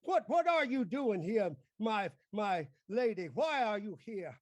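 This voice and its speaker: A man's voice: high voice, big pitch swings, measured pace, dry recording. A man improvising as a pompous older senator father, blustering and scolding. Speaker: improv stage actor. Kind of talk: improvised mock-Shakespearean stage acting.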